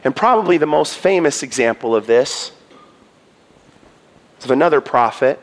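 A man preaching a sermon, reading scripture dramatically, moving between loud pleas and hushed low passages. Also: animated, normal speed. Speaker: pastor.

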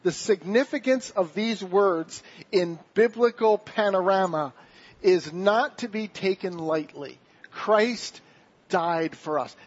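Male pastor, high husky voice, earnest sermon, dull lo-fi church recording.

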